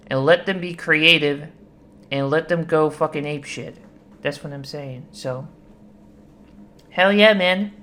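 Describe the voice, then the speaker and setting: A woman with a very low speaking voice and a bright, forward tone. She talks casually to her viewers, rambling with enthusiasm and dropping swear words freely. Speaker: video creator. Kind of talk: casual excited commentary.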